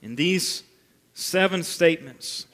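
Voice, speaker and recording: A man preaching a sermon as pastor, earnest and measured, repeating key phrases for emphasis. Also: a little high, a bit bright. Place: church sanctuary. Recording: long reverb of a church hall.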